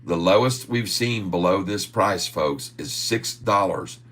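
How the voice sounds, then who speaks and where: Low-voiced man hosting a trading stream. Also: a bit bright. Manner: chuckles often, drawn-out folksy asides. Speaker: stock trading livestream host. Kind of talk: casual livestream chat reading viewer comments.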